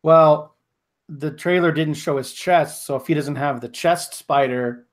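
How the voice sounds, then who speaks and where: A man's voice: on the high side, measured pace. A man co-hosting a podcast in casual chat, blunt and profane with strong opinions. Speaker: podcast co-host.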